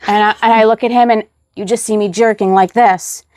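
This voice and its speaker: Woman, mid pitch, guest storyteller, animated retelling, dry close sound. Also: fairly quick, dry recording. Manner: animated retelling, acts out quoted voices. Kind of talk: personal storytelling.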